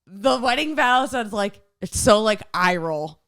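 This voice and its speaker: A woman co-hosting a podcast, telling a story in a casual, animated way and leaning on "like" constantly. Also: mid-range voice, unhurried. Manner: animated, filler-heavy retelling with lots of "like". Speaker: podcast co-host.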